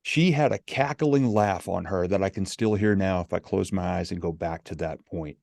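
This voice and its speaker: Animated storytelling man, mellow voice. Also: low-pitched, normal speed, vocal fry, dry recording, studio quality. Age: middle-aged. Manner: animated, acts out quoted dialogue. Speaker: podcast guest. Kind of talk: storytelling in a podcast interview.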